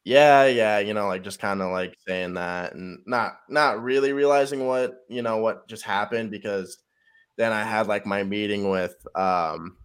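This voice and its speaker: A man's voice: on the low side, a little slow, clean tone. A young man, a college football player, casually telling a long story in a rambling, profanity-laced way full of fillers. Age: young adult.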